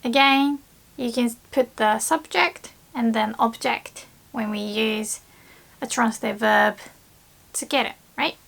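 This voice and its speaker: A woman whose first language is Japanese, teaching grammar in English with a slow, patient manner, repeating example words with lifted emphasis. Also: a little high, vocal fry, a bit bright. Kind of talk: casual explanatory lesson.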